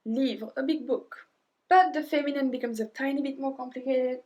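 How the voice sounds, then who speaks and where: A French woman with a French accent teaching a beginners' language lesson, repeating words slowly and clearly, at times almost whispering. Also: sits high. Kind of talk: slow instructional language lesson.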